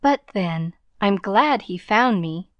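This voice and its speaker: A woman's voice: medium pitch, lively intonation, takes it slowly, no room sound, highs cut off. A woman doing an eager earnest little girl. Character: eager polite young girl, earnest, hopeful.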